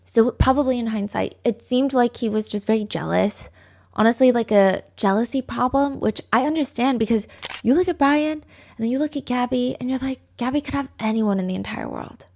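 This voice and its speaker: A woman's voice: fairly high pitch, normal speed, darkish tone. A woman hosting a podcast, telling a true-crime story in a casual, chatty way and often saying "like". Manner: chatty, relays others' words with frequent likes. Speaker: podcast host.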